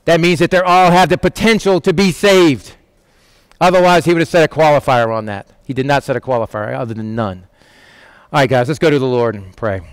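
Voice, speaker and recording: A man's voice: mid-range voice, fairly quick, clean tone, no room sound, studio quality. A man teaching on a Bible passage in a conversational way, asking rhetorical questions and acting out quoted voices. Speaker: preacher.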